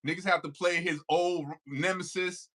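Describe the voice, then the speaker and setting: A man with a high-pitched voice trading laid-back, slang-heavy banter as a podcast co-host. He drifts into laughing asides as he talks. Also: fairly even intonation, moderate pace, pushed and bright. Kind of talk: casual chat.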